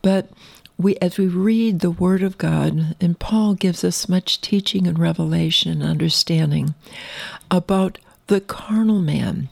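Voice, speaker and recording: A woman's voice: lowish voice, gravelly, a little mellow, dry recording. A woman preacher praying fervently over her listeners and then teaching a sermon, earnest and direct. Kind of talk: prayer and sermon.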